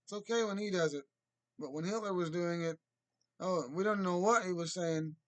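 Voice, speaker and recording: A man giving rambling solo commentary, restarting sentences and breaking into loud mocking impressions. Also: sits high, moderate pace.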